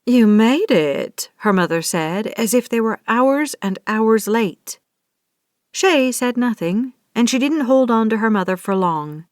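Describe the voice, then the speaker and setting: A woman narrating a romance audiobook in a steady, scripted reading. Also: on the high side, unhurried, no room sound, clean studio sound.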